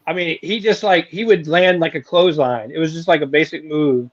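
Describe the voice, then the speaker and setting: A man's voice: on the high side, brisk, no echo. A man co-hosting a chatty show, laughing and reminiscing in casual banter. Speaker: podcast co-host. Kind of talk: casual chat. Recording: dull lo-fi sound.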